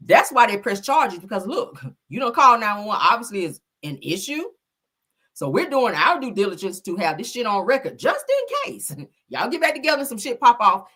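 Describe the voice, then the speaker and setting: Brash, husky woman with lively swings. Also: medium pitch. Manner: loud, profane, laughing storyteller. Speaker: host. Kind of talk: casual commentary chat.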